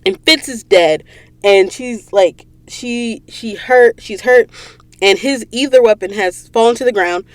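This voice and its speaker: A woman's voice: a little high, measured pace, no room sound. A woman hosting a book podcast, retelling the story in an emotional, dramatic way and speaking directly to her listeners. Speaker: podcast host. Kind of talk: casual book recap podcast. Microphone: studio mic in a recording booth.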